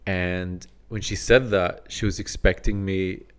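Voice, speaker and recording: A man's voice: sits low, fairly even intonation, measured pace, smooth. A man co-hosting a podcast, telling a story in a casual, rambling way with frequent restarts. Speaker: podcast co-host.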